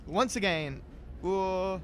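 A man's voice: high-pitched, extremely slow, clean tone. A man playing a tabletop game, eagerly describing his character's moves. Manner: animated, eager. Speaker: player.

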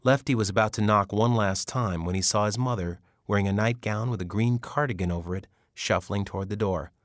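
A male narrator reads a novel in a measured, even way. His voice sits on the low side. The recording is dry and close, with no room sound. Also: no room sound. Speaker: audiobook narrator. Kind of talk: scripted narration.

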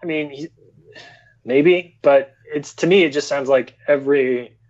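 A man's voice: on the high side, measured pace, darkish tone. A man co-hosting a casual podcast, musing wryly and hedging his points. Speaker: podcast co-host. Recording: dull lo-fi sound.

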